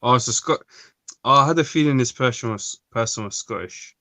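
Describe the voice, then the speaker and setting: A man's voice: medium pitch, fairly quick, sharp tone, slight background noise. A man, chatting casually on a stream, rambling and reading comments and look-ups aloud. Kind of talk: casual chat. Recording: dull, lo-fi dry sound.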